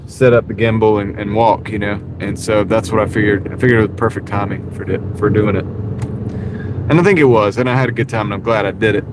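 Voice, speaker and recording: A man with a Southern accent rambling casually to his live-stream viewers while he drives, easygoing and self-deprecating. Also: on the low side. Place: inside a car at night. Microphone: wireless clip-on mic. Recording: audible road and car noise. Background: car and road noise.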